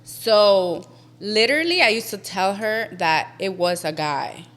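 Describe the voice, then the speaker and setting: Young woman, bright tone, animated storyteller, curses freely, drops into Spanish. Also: medium pitch, unhurried, a little hiss or hum. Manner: animated, swears often, switches into Spanish. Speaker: podcast guest. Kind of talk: casual storytelling.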